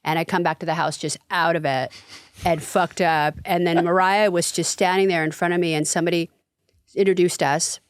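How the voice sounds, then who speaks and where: A middle-aged woman, a guest comedian, telling stories in casual podcast chat with halting restarts. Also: on the low side, fairly even intonation, clear, resonant tone, no echo, clean studio sound.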